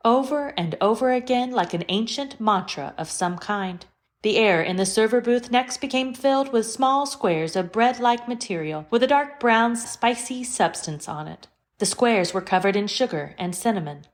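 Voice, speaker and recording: A woman's voice: medium pitch, close to an everyday voice. A woman voicing a prim formal AI computer. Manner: precise formal diction, no contractions. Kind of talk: audio drama acting.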